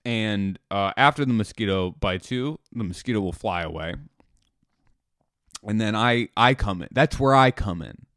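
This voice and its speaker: A man's voice: on the low side, moderate pace, no room sound, studio quality. A man doing a shrugging lazy slacker guy. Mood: offhand, indifferent. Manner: flat, offhand, shrugging replies. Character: lazy dim-witted young male slacker named Itchy. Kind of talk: comedic character bit.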